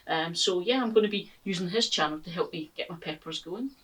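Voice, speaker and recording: Scottish woman doing a chatty garden vlog, lowish husky voice, bit far from the mic. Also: brisk. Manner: chatty, lots of ums, upbeat. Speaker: gardening channel host. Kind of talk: casual vlog chat to viewers. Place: outdoor garden. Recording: voice from away from the mic.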